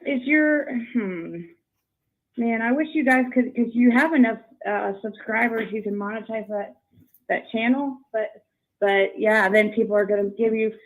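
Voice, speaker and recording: Woman, somewhat high pitch, casual chat, hesitant, trailing off. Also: moderate pace, narrow, tinny audio. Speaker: streamer.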